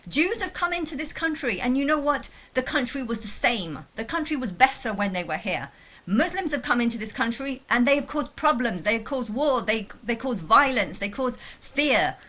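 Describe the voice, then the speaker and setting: A woman's voice: on the high side, lively intonation, moderate pace, fairly bright tone. A woman from England talking casually in a reaction vlog, rambling with frequent restarts and repeated words. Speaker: vlogger reacting to a video.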